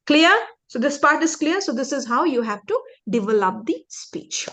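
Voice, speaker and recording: A woman with a bright, high-pitched voice teaches public speaking to a group of young students. She talks in an animated, demonstrative way, stops often to check the class is following, and acts out good and bad delivery as she goes. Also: moderate pace. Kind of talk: interactive lesson to young students.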